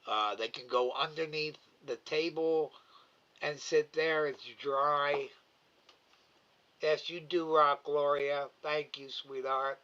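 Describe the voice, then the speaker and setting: A middle-aged man hosting a live stream, talking slowly and stumbling over repeated words as he answers his viewers. His voice is bright and a little forceful. The stream audio sounds dull and lo-fi. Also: fairly high pitch, steady tone. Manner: slow, halting, repeats words, emotional. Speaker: live cam host reading chat. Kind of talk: casual live-stream chat.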